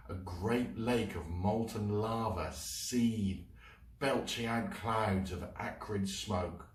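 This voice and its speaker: A man reading a children's book aloud as a storyteller, in an expressive, dramatic way. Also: lowish voice. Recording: roomy, mic at a distance.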